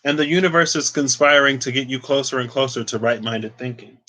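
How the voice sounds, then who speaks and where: A man's voice: mid-range voice, a little fast, sharp tone, poor audio. Chatty man giving a tarot reading. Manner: chatty, lots of "like" and playful asides. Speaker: tarot reader.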